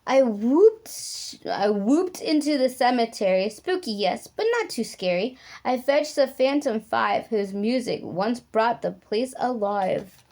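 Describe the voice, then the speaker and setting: A woman's voice: on the high side, animated, slow pace, few pauses, darkish tone. A woman reading a rhyming picture book aloud in a sing-song, playful way. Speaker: storybook reader.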